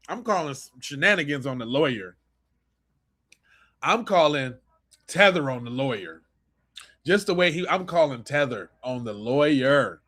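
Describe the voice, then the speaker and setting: High-pitched, mocking podcast host man. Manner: loud mocking outbursts, slangy banter; quiet rapid aside to viewers. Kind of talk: live-stream reaction commentary.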